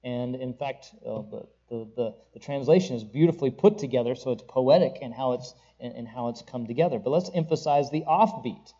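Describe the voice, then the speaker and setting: A man's voice: medium pitch, fairly quick, few pauses, warm tone, breathy edge. Man lecturing on church music, lo-fi. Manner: rambling with many fillers and restarts; leads group reading aloud. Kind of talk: classroom lecture.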